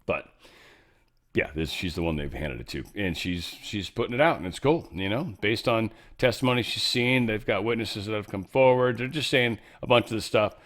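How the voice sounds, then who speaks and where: Rambling low-voiced male commentator. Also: normal speed, a bit bright. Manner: rambling, offhand, with frequent fillers and restarts. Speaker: show host. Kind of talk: casual news commentary.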